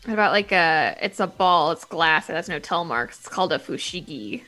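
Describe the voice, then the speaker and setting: A woman's voice: fairly low pitch, expressive, normal speed, bright, forceful tone, faint music behind. A woman playing in a tabletop game who chats in a playful, gushing, jokey way. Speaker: player. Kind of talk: casual tabletop play.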